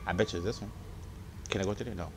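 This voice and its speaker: A young man with a deep voice giving casual, excitable let's-play commentary, swearing and talking to his viewers as he plays. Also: racing, breathy edge. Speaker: gaming video creator.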